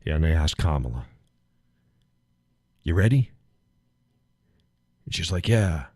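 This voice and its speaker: A man's voice: extremely low pitch, very animated, takes it slowly, darkish tone, no echo, clean studio sound. A man hosting a live stream, chatting casually with viewers in a rambling, folksy way and chuckling often.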